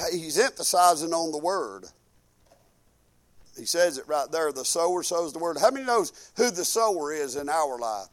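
A man preaching a sermon in a folksy, fervent way, dropping from loud proclaiming to quiet musing. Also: fairly high pitch. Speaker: pastor.

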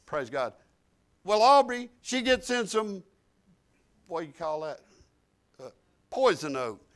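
An older man preaching a sermon, telling folksy stories and swinging between quiet asides and loud, emphatic declarations. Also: high-pitched, very animated, takes it slowly.

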